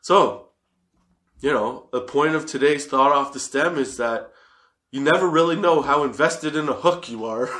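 A man's voice: a little high, a little slow, pauses often, sharp tone. A man in his thirties telling a workplace story as a casual monologue, swearing freely and laughing often.

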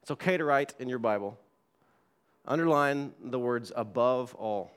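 A man's voice: mid-range voice, moderate pace, clear, resonant tone. A man pastor preaching a sermon in a church, reading scripture aloud and repeating key words for emphasis. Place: church sanctuary.

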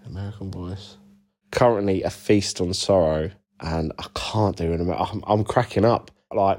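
Man, musician guest, low warm voice, rambling and sweary, self-deprecating. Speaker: band bassist and lead vocalist, interview guest. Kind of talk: casual interview answers.

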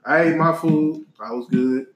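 A man's voice: fairly high pitch, measured pace, muffled recording, noisy background. A man joining a casual chat, teasing and laughing at a friend. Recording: echoey room, voices around.

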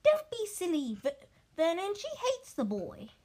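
Woman putting on a shrill snappish aunt. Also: wildly swooping pitch, a little slow, darkish tone, exaggerated voice. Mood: snapping. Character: shrill fussy middle-aged aunt, snappish.

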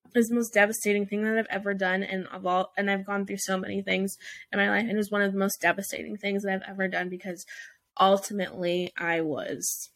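A woman's voice: mid-range voice, little pitch movement, a little fast, fairly bright tone. Blunt, swearing woman podcast host. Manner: blunt, swearing, emphatic, filler-heavy. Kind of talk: heated advice monologue.

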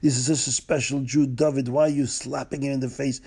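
A man voicing a brave young boy who scolds a cruel officer in slow, emphatic words, with a gravelly, husky voice. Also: mid-range voice, level tone, warm tone. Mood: indignant.

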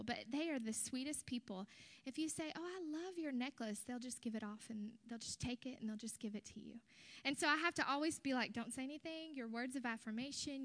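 A young woman with a high voice preaches a sermon in a church. She tells a personal story in an earnest, animated way and drops into soft whispers at times.

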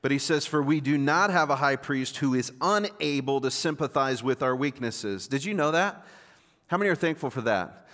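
A man delivers a sermon conversationally, repeating words often and putting questions to the congregation. His mid-range voice is animated and fairly bright, moving at a moderate pace. A long hall reverb surrounds the recording.

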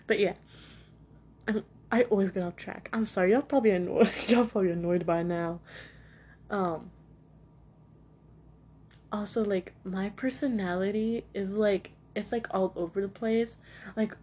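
A woman's voice: medium pitch, darkish tone, slight background noise. A young woman hosting her own podcast from home, chatting casually in a rambling, self-deprecating way with lots of fillers. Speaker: podcast host. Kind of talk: casual solo chat. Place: at home next to a cat.

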